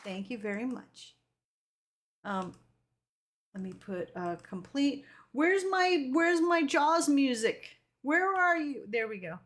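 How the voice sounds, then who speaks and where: Her pitch is high and she speaks slowly as she chats loosely with her live stream audience, reading their comments out and swearing now and then in an animated way. A faint crowd can be heard.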